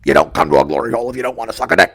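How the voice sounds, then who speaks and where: A man putting on a voice for a gruff, pushy character, dropping far below his own pitch and barking the line out fast. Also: lively intonation, a bit bright, full character voice. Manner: blunt, barked delivery.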